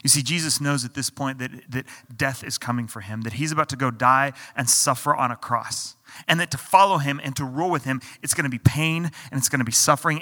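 Pastor, male, bright and slightly high voice, chatty preaching with many restarts, reverberant hall. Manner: conversational preaching with repeated restarts and acted-out quotes. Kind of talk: sermon.

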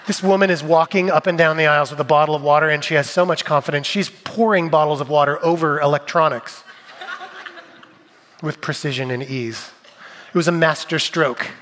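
Male preacher, comic storyteller, swings from loud bits to hushed points; high-ish voice, long hall reverb. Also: moderate pace. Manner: animated, jokey storyteller, shifting between loud bits and quiet asides. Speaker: pastor.

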